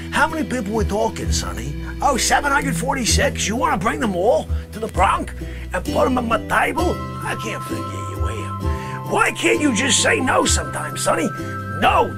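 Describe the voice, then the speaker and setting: A man voicing a brash, grumbling middle-aged guy from the Bronx, rambling complaints and bursting into shouts. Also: very high-pitched, pitched above the performer's own voice, heavily acted. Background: music.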